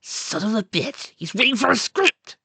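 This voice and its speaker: A man reads as a brash young barbarian marine in a storybook, loud and boastful, with his voice pushed high and bright. The reading is dry and close. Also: big pitch swings, quick pace, no echo, exaggerated voice. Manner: shouted boasts, calls himself in third person.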